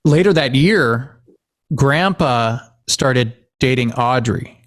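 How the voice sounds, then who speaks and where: A man's voice: medium pitch, takes it slowly. A man co-hosting a podcast, telling family stories in a casual chat and laughing often. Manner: animated storytelling, laughs often. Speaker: podcast co-host.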